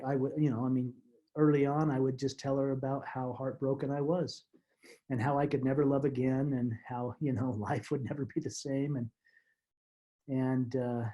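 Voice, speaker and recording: A middle-aged man, a guest speaker, telling a personal story in an emotional, halting way that repeats words, with soft laughs. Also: fairly high pitch.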